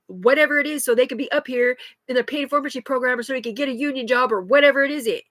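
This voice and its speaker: High-voiced woman ranting agitatedly, dry sound. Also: rapid-fire, a bit bright, no room sound. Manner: agitated, rambling, heavy swearing. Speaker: livestreamer. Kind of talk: unscripted live monologue.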